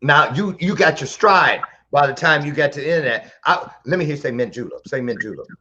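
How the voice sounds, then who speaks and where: A man's voice: on the high side, animated, a little fast, sharp tone, muffled recording, slight background noise. A man hosting a casual podcast interview, playful and joking. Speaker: podcast host.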